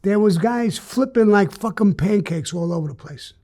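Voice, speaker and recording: At normal speed and with a mellow tone, an older man whose voice sits notably high looks back on his life in a frank interview. He swears bluntly and punches his points with emphatic bursts.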